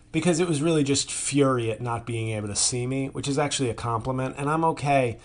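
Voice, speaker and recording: A man's voice: medium pitch, fast talker, few pauses. A man in his thirties hosting a podcast, telling a rambling, crude, self-mocking comic monologue. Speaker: podcast host. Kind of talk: casual comedic monologue.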